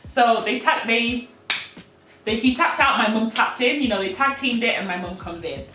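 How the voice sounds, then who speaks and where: Kenyan woman telling a story, animated. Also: moderate pace, reverberant, over music. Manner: animated, reenacts dialogue with sudden pitch jumps and laughs. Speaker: vlogger. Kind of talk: casual storytelling to camera.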